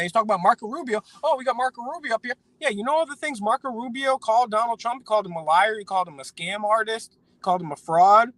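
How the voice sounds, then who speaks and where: A man's voice: sits high, fairly bright tone, no echo, rough recording. An American man co-hosting a live stream, ranting indignantly about politics with repeated words and stumbling restarts.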